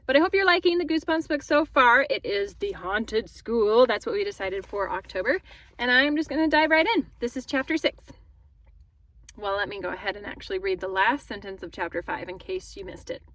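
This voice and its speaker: Expressive woman reading a storybook. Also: medium pitch, fairly quick, no echo. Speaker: teacher. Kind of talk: reading a children's book aloud.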